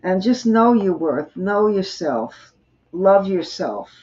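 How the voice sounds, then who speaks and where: A woman reading tarot cards for a viewer on a live stream, explaining each card gently. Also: mid-range voice, very animated, slow pace, a little hiss or hum. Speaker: tarot reader, host. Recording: muffled lo-fi stream audio.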